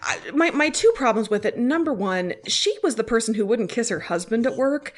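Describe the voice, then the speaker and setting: A woman co-hosting a podcast, chatting animatedly about TV episodes with quick restarts. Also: fairly high pitch, animated. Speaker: podcast co-host. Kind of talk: casual TV review chat.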